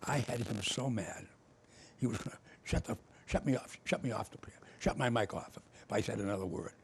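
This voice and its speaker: An older man, telling stories in casual conversation and acting out both sides of old arguments with lively energy. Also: lowish voice, moderate pace, slight background noise. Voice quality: gravelly, husky. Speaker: former state official telling stories.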